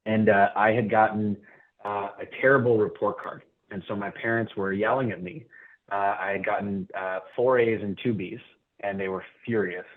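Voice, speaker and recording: A male comedian hosting an online event, telling stories in a halting, self-deprecating way. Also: on the low side. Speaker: emcee and comedian. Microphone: video call. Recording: tinny phone-like audio.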